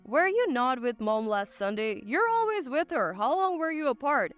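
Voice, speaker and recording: A woman voicing a calm young man who questions his father firmly. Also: sits high, moderate pace, faint music behind. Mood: questioning. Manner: firm, questioning. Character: calm reasonable adult son, young man.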